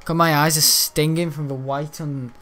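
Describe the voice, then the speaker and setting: A man's voice: fairly high pitch, fairly even intonation, normal speed, fairly bright tone. A man giving rambling, self-mocking commentary while playing a video game, often muttering to himself. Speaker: gaming video creator. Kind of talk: gameplay commentary.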